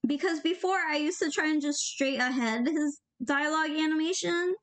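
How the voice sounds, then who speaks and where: A young animator offers casual commentary as she works, joking around, rambling and tossing out offhand tips. She speaks at a normal speed in a high, fairly bright voice.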